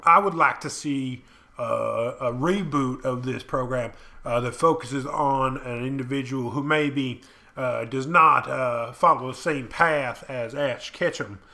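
Gravelly bright-voiced man hesitating a lot. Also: mid-range voice, measured pace. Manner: hesitant, full of uh fillers, earnest. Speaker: host. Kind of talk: improvised comedy chat.

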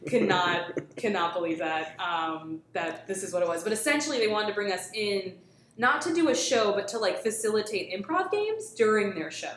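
A woman's voice: medium pitch, lively intonation, moderate pace. A woman rambles through a work story on a casual podcast, piling up fillers and restarting her sentences. The room rings with some echo, and a faint hiss sits underneath. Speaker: guest telling a work story. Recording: roomy echo, faint background noise.

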